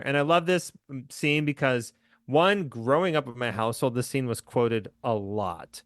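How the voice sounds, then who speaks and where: A man's voice: medium pitch, moderate pace, dry recording, studio quality. A man hosting a podcast, chatting casually and enthusiastically about a movie, laughing often. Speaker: podcast host.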